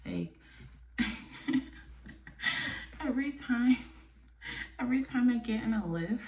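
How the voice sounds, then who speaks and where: A woman from New York hosting her own podcast, talking candidly and bluntly, sometimes dropping to a soft near-whisper. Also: fairly high pitch, animated, takes it slowly, highs cut off. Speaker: podcast host. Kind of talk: casual personal monologue. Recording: echoey room, mic a bit distant.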